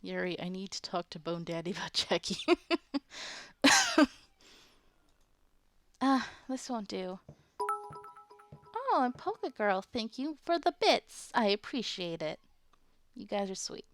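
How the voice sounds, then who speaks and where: A woman's voice: mid-range voice, big pitch swings, slow pace, long pauses, dry recording. A woman streaming a visual novel playthrough, reading the game's text aloud and chatting playfully with her viewers. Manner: chatty, playful, reacts to chat. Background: faint game music.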